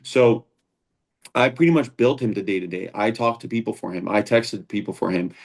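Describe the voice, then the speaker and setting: Low-voiced man telling stories. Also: normal speed, gravelly. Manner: earnest, rambling with frequent restarts. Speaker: founder and combat sports instructor, guest. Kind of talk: casual interview storytelling.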